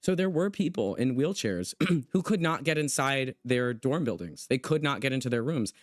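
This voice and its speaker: A man's voice: medium pitch, expressive, moderate pace, dry recording, studio quality. A man hosting a livestream conversation with a guest, talking in an emphatic, impassioned way and reading out chat comments as he goes. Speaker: livestream host interviewing a guest.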